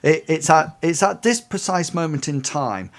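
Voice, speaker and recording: A man's voice: a little high, lively intonation, moderate pace. A man narrating as game master of a tabletop game, hesitant, with many ums and restarts.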